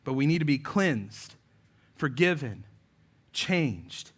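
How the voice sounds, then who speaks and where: Preaching man with hushed phrase endings. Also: on the high side, animated, slow pace, slightly rough. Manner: preaching with story-telling, voicing quoted people. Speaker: pastor. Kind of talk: sermon.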